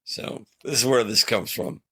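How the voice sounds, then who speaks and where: A man's voice: medium pitch, steady tone, normal speed, fairly bright tone, slightly rough, no room sound. A man co-hosting a comedy podcast, easygoing and encouraging in casual banter. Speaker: podcast co-host.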